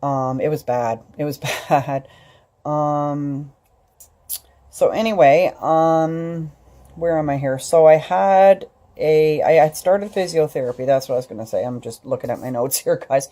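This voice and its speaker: A woman's voice: low-pitched, a little slow, dark tone. A middle-aged woman vlogging, telling a personal story in a rambling way, full of fillers and restarts. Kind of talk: casual storytelling vlog.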